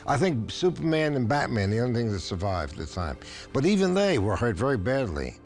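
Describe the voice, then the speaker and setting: Lively-pitched man recalling hard times. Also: faint music behind. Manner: reflective, frequent "uh" pauses, emphatic lists. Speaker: interviewee recalling the comics industry. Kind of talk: documentary interview.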